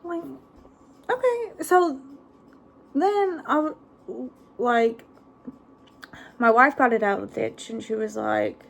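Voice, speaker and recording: Chatty gravelly-voiced woman vlogger. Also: fairly high pitch, expressive, unhurried, pauses often. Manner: chatty, rambling, laughs often. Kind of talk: casual chat.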